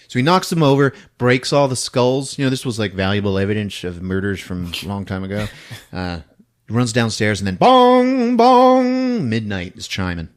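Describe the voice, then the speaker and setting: A man casually recapping a horror film on a podcast, acting out shouts and sound effects and laughing as he goes. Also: lowish voice. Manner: animated retelling with acted-out shouts and sound effects; laughs often while talking. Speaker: podcast host.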